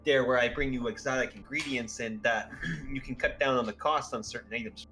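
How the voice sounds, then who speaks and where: Folksy man with a bright voice. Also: medium pitch, brisk, soft background music, poor audio. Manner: folksy drawl, tacks 'there' onto sentences. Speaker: player. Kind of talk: casual in-character role-play.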